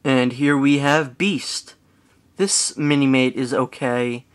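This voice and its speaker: Male toy reviewer, average pitch, laid-back and hesitant, casual delivery. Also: slow pace, clean tone. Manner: hedging, relaxed, with frequent fillers.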